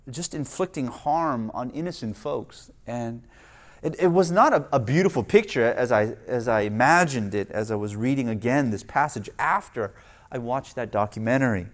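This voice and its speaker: A man preaching a sermon, starting conversational with restarts and growing loud and emphatic. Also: mid-range voice. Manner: restarts and repeats words. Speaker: pastor.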